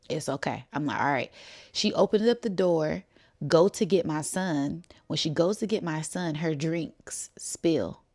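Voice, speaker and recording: A woman's voice: low-pitched, darkish tone. A woman casually telling a story to her viewers, acting out the dialogue and laughing often. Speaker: spiritual channel host.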